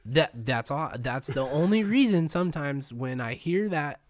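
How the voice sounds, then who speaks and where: A man chatting casually and candidly, swearing freely and getting animated as he explains his point. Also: a little high, unhurried, no echo, studio quality. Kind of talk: casual chat.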